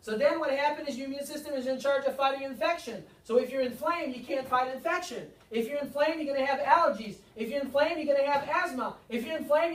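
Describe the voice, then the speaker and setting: A man's voice: very high voice, fast talker, hardly any pauses, a bit bright. A man, a chiropractor, giving a seminar to a live audience, speaking emphatically with repeated lines and rhetorical questions. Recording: echoey room, mic far off.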